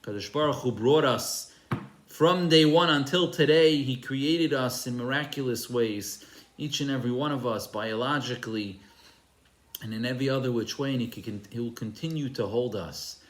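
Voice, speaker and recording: A man's voice: medium pitch, moderate pace. A man, a rabbi, giving an earnest, emphatic sermon with storytelling. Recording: roomy echo.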